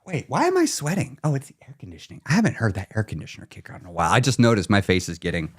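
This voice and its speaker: A man's voice: medium pitch, big pitch swings, very fast, husky. A man hosting a casual live stream, talking straight to viewers in a pushy, teasing way and laughing often. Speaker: live stream host, weight loss coach.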